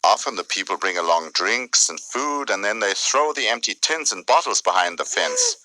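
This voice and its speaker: A man voicing an old wandering male bear in a dubbed cartoon, explaining things slowly and patiently. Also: fairly low pitch, expressive, pushed and bright, no echo, low-quality recording. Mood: explaining gravely.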